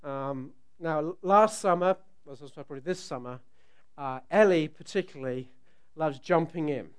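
A middle-aged man preaching a sermon, telling a family story with animated, sometimes loud delivery. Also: a little high, moderate pace, clean tone. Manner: animated storytelling, rising to loud outbursts when acting out scenes.

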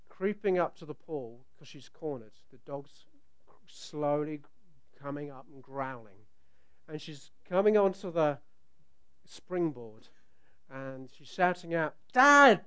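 A middle-aged man delivers a sermon in a smooth, resonant voice that sits a little high. He tells stories with animated swings, now and then bursting loud as he acts out a scene. He sounds like he is speaking to a church congregation on a microphone. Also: takes it slowly. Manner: animated storytelling, rising to loud outbursts when acting out scenes. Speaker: preacher.

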